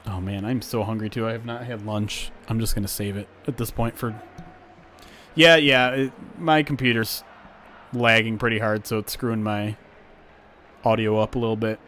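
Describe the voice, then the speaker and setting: A man's voice: on the low side, fairly even intonation, moderate pace, slight background noise. A young man hosting a live stream, chatting casually with viewers and calling plays from a football game simulation. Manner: chatty, reads chat aloud, gets loud at big plays.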